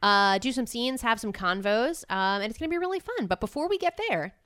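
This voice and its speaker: A woman's voice: a little high, lively intonation, fairly quick, fairly bright tone, smooth, no echo. A woman co-hosting a casual comedy podcast, playful, with showy announcer-style introductions. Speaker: podcast co-host. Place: podcast studio.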